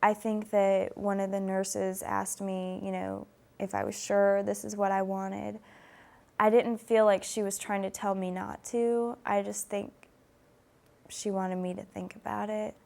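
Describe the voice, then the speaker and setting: A woman calmly recounting a personal experience in a measured, hesitant way, with many pauses. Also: mid-range voice, gravelly. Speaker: interviewee sharing personal story. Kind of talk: personal testimony.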